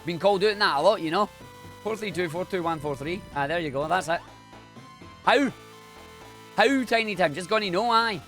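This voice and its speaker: A man's voice: sits high, animated, normal speed, long pauses, fairly bright tone, soft background music. Chatty Scottish man streaming games. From Scotland. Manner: chatty and slangy, rambling asides. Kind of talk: casual live-stream chat while speedrunning.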